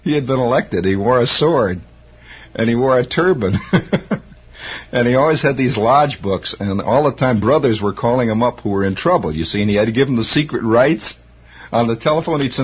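A man's voice: mid-range voice, lively intonation, moderate pace, breathy edge. A male radio host telling rambling stories, chuckling as he talks, on a lo-fi old radio recording. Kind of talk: nostalgic storytelling.

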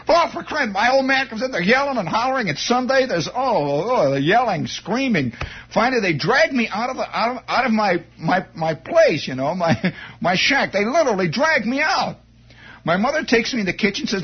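A man telling a comic first-person story in an excitable way, stammering and restarting as he builds up, on a dull lo-fi recording. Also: high-pitched, a little fast, slightly rough.

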